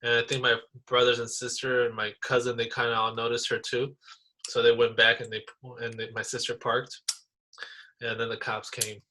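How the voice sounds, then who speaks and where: A man co-hosting a podcast, telling stories in a casual, animated way, full of slang like bro and dude. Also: mid-range voice, normal speed. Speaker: podcast co-host. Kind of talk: casual chat.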